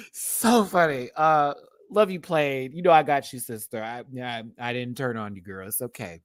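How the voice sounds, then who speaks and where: A man's voice: mid-range voice, measured pace. A man reviewing a drag competition show in a livestream, sassy and campy, full of slang and frequent laughter, talking straight to viewers. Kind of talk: casual livestream commentary.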